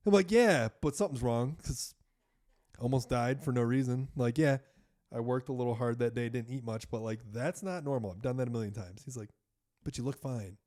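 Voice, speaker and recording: A man who is a podcast guest, telling a story in a casual, animated way, full of fillers and swearing. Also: medium pitch, moderate pace.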